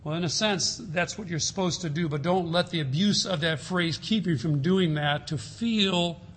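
Earnest preacher guy, bright voice, slows down and goes soft to make a point. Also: fairly high pitch, slight background noise. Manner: earnest, slows and softens for emphasis. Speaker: pastor. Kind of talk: sermon.

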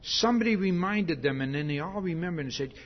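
A man preaching a sermon, slow and emphatic, tagging his points with "see?". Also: on the high side, animated, dull audio.

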